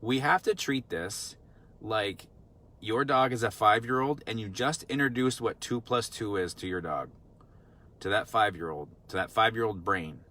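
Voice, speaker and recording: A man's voice: on the low side, moderate pace, pushed and bright. A man working as a dog trainer, explaining in a casual teaching talk, earnest and repetitive, full of rhetorical questions. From Vermont.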